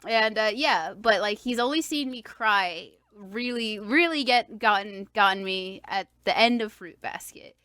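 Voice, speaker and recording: A young woman rambles through a casual podcast chat, piling up fillers and restarts. She puts on animated little voices whenever she quotes someone. Her voice sits mid-pitched and is recorded close and dry. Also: unhurried, hardly any pauses, dry recording. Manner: animated when quoting people. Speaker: podcast co-host.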